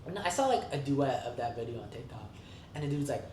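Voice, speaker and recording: A podcast co-host chatting casually, filling every pause with "like" and breaking into laughter. The voice jumps up and down in pitch. It was picked up from a bit away from the mic, so it sounds roomy, with faint ambient noise underneath. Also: distant mic. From Vietnamese heritage. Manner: animated, many "like" fillers, laughs often. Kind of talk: casual chat.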